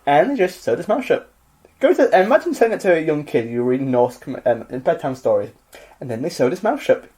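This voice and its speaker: Lively man questioning on a podcast. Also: a little high. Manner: animated, quick to question. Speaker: podcast co-host. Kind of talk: casual chat.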